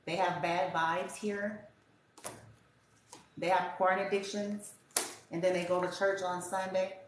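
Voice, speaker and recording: A woman's voice: on the low side, level tone, takes it slowly. A woman giving a casual tarot reading in a blunt, profane, rambling rant. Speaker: tarot reader. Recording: very echoey room with faint hiss.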